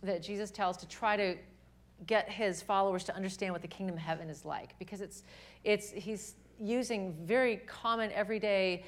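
Her pitch is medium and her speed ordinary: a young adult woman giving a passionate, animated faith talk live at a women's gathering. She repeatedly restarts what she's saying.

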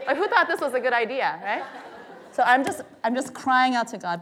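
A woman telling a funny personal story to a live audience, lively and self-mocking, checking in with "okay?" and "right?". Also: fairly high pitch, brisk, crowd noise, background noise.

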